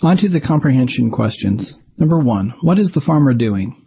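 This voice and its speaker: A man's voice: mid-range voice, expressive, moderate pace, vocal fry, breathy edge, dull audio. A man teaching a recorded language lesson, walking methodically through exercises step by step. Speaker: Greek teacher.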